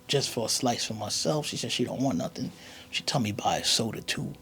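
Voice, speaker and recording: A comedian telling a story in an animated, slangy way, sometimes dropping to a whisper. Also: male voice, mid-range voice, fairly quick, slight background noise. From United States. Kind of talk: comic storytelling monologue.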